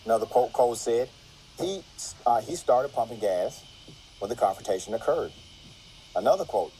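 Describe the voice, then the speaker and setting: Man reading a news story, mellow tone. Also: mid-range voice, moderate pace, slight background noise, poor audio. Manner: marks each quote by saying quote and end quote. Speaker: legal commentary narrator. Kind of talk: reading a news article aloud with commentary.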